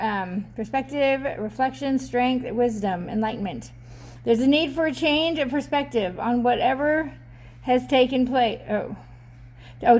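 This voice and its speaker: A woman's voice: fairly high pitch, darkish tone. A woman doing a casual oracle card reading, chatty and upbeat, reading card text aloud and laughing often.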